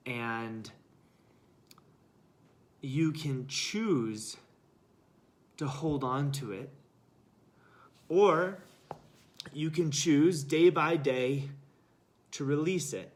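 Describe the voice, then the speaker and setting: Slow, earnest male motivational speaker. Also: fairly high pitch. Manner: earnest, emphatic repetition. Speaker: life coach. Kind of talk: live-stream motivational talk.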